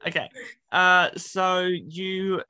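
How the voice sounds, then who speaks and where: A woman hosting a casual game-style interview, bubbly and teasing and quick to giggle. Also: fairly low pitch, steady tone, pushed and bright, no echo. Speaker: interview host.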